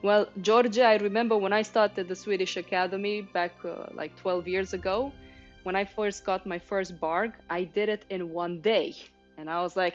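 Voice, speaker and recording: A woman's voice: medium pitch, fairly even intonation, moderate pace. A woman in her thirties teaching drawing on a casual livestream, chatty and explanatory, talking to viewers in the chat. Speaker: art teacher streaming a painting session. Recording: slightly muffled stream with faint music.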